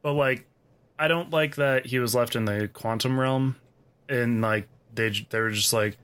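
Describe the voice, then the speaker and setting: A man's voice: mid-range voice, steady tone, moderate pace, fairly bright tone, clear, resonant tone. A man co-hosting a podcast in casual chat, making wry, offhand remarks. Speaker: podcast host.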